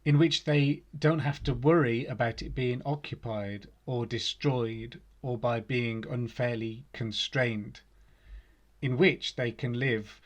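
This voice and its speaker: A man delivering an earnest sermon on behalf of a charity, reading scripture in a measured way. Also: medium pitch. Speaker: charity representative giving a sermon.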